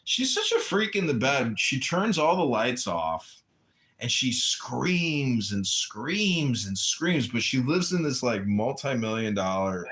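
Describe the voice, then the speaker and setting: Male livestream host, crude rambling monologue, animated intonation. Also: medium pitch, slow. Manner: crude, meandering anecdotes.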